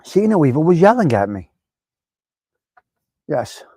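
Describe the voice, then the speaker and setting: A man's voice: fairly high pitch, a little slow, breathy edge, no room sound. A middle-aged man hosting a live stream, chatting casually and preaching to viewers as he reads their comments. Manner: animated, preachy, talks straight to viewers.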